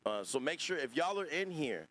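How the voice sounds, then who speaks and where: A man's voice: a little high, sing-song, moderate pace, a bit bright. A man hosting a casual livestream podcast, rambling and profane as he reads and answers chat. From Northern California. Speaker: podcast host.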